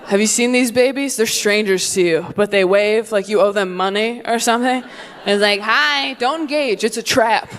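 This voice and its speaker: A young woman performing a stand-up comedy set, brash and deadpan, dropping into quick put-on voices. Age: young adult. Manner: brash, deadpan, acts out voices with swings up and down in pitch. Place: comedy stage with a live audience.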